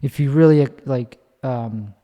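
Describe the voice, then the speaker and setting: A man's voice: medium pitch, measured pace, big-room sound, muffled recording. A man talking casually in a rambling monologue, swearing and often restarting his sentences. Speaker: podcast host.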